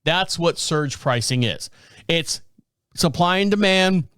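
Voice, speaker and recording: Rambling high-voiced podcast host, a man. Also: expressive, slow, a bit bright, smooth, dry recording, studio quality. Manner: rambling, stumbles over names and words. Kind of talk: casual news commentary.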